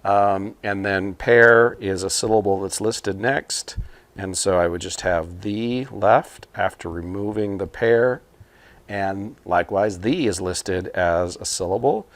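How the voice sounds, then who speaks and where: A man teaching computing, talking a class through a problem at a whiteboard in a relaxed, explanatory way with frequent fillers. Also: deep voice, takes it slowly, no room sound. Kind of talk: casual whiteboard lesson explanation. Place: small room at a whiteboard.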